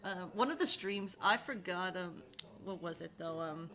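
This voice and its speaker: A woman's voice: lowish voice, moderate pace, crowd noise. A woman hosting a casual chat, rambling and giggling often, swearing casually. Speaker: channel host.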